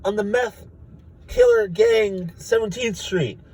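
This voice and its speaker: A man voicing a pushy alien stock trader, frantically yelling orders on a trading floor. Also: very high-pitched, wildly swooping pitch, slow pace, vocal fry, husky, recorded from a distance, voice pushed up, exaggerated voice. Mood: frantic.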